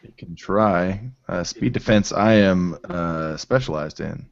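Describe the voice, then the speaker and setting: A man's voice: low voice, a little slow, vocal fry. A man playing in a tabletop game, chatting casually and eagerly about his rolls. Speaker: player. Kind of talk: casual chat. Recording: dull lo-fi voice call audio.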